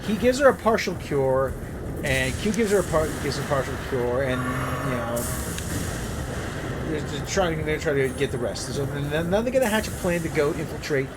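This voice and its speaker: A man's voice: a little high, lively intonation, normal speed, heavy background noise. A man co-hosting a casual show, rambling with frequent restarts. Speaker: co-host. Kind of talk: casual podcast chat.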